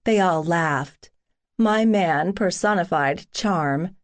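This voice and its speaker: A woman narrating a first-person romance audiobook in an intimate, wry, unhurried reading. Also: fairly low pitch, animated, darkish tone.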